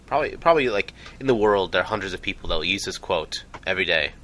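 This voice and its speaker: A man's voice: low-pitched, animated, fast talker, fairly bright tone. A man co-hosting a podcast, chatting casually and rambling with frequent restarts. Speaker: podcast co-host. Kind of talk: casual gaming chat.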